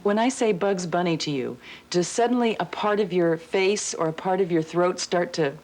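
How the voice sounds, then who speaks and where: A woman's voice: lowish voice, moderate pace, darkish tone, a little hiss or hum. A woman hosting a TV magazine show, asking curious, prompting questions and reading scripted narration. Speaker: TV magazine interviewer and host.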